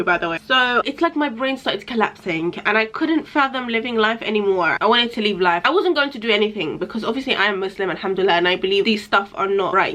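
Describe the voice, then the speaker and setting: A woman's voice: mid-range voice, a bit bright. A young woman, talking candidly and casually to her viewers in a rambling vlog chat while she gets ready. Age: young adult. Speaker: vlogger.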